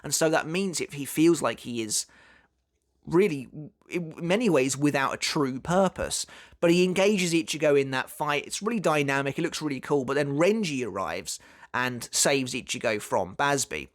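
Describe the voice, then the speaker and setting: A man talks through an anime character breakdown in a loose, chatty way. His voice sits a touch higher than most men's. He leans on fillers and restarts his sentences as he thinks aloud. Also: lively intonation, moderate pace. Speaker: anime commentary YouTuber. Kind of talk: casual video essay analysis.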